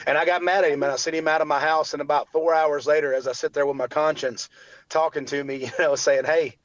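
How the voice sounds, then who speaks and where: A man's voice: on the high side, fairly even intonation, fast talker, highs cut off, a little hiss or hum. A man in his forties, a guest telling his personal story earnestly, with faith woven in and other people's words acted out. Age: 40s. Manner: earnest, faith-filled, acts out quotes of others.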